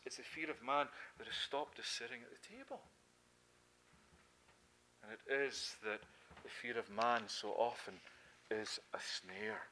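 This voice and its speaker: A middle-aged Scottish man preaching a sermon, earnest and emphatic, climbing to forceful peaks and sinking low again. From Scotland.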